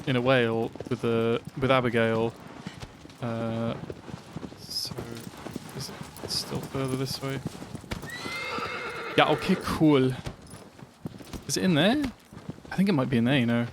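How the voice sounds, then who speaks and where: A man streaming a video game from his flat, making puns and chatting with viewers. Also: medium pitch, a little slow, pauses often, noisy background. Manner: jokey, punning, chatty with viewers. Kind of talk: live gameplay commentary. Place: home flat. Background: music.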